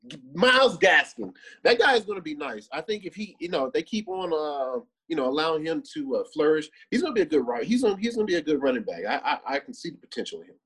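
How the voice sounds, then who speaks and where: A man co-hosting a sports podcast, talking in a relaxed, rambling way about football. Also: on the high side, fast talker, slightly rough, poor audio. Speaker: podcast co-host. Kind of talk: casual sports talk.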